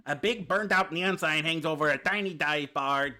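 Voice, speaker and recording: A man's voice: a little high, normal speed, sharp tone. A man streaming a dating sim, reading the story aloud with playful, jokey asides.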